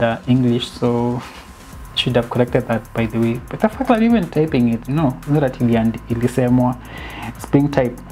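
A woman giving a casual, animated film critique, dropping in bits of Swahili slang and sounding exasperated. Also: very deep voice. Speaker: film reviewer.

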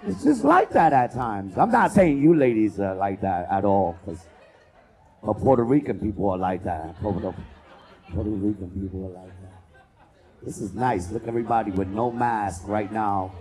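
A man doing a loud, profane stand-up comedy set as host, working the crowd and acting out bits. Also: on the low side, normal speed. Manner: loud, profane, animated crowd work with acted-out voices.

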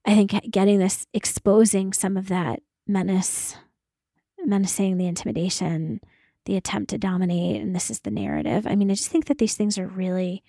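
Woman co-host, mid-pitched, thoughtful and affirming, dry sound. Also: fairly even intonation, normal speed, warm tone, dry recording. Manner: thoughtful, affirming, searching for words. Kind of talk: conversational podcast talk.

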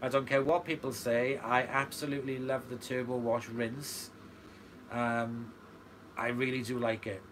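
A channel host runs a live stream from home, indoors near a running washer that adds background noise. He chats enthusiastically and reads viewer comments with frequent fillers, though his medium-pitched voice is flat and his pace measured.

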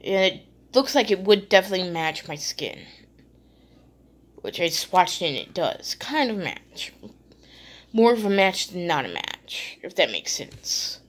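A woman's voice: on the low side, very animated, a little slow. A woman chatting casually as she unboxes beauty products, rambling with fillers and restarts, still a little sleepy. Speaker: beauty vlogger.

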